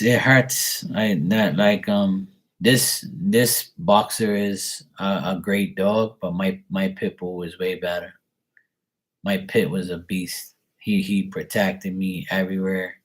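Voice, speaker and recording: A man, a tarot reader, chatting casually and candidly with his live-stream viewers in a rambling, laid-back way. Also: low-pitched.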